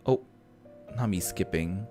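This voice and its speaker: A man's voice: low voice, measured pace, mellow, faint music behind. A man giving casual, playful commentary over a video game, teasing the characters and laughing at the dialogue. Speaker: gaming video creator.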